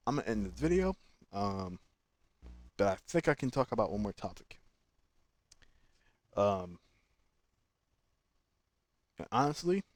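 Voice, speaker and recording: A man hosting his own channel, giving opinionated, animated fan commentary in slangy casual speech. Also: fairly low pitch, dry recording. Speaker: channel host.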